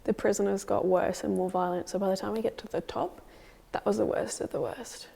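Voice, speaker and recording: A woman's voice: mid-range voice, steady tone, fairly quick, vocal fry, warm tone, a little hiss or hum. A young woman hosting a paranormal investigation, chatting casually and out of breath in an old prison cell block. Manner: chatty, peppers speech with "like". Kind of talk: casual on-location chat.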